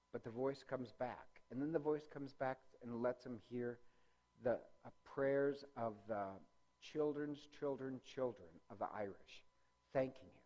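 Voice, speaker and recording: A man's voice: medium pitch, warm tone. A man teaching a parish faith class, talking off slides in a loose, joking way with many fillers and corrections. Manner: rambling, many ums and self-corrections; conversational with jokes. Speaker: parish religious-education teacher. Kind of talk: informal lecture with slides.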